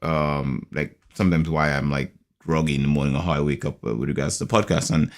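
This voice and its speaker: A man's voice: a bass voice, fairly even intonation, quick pace. A man from the United Kingdom hosting a podcast in casual chat, rambling with lots of fillers, in a groggy morning voice. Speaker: podcast host.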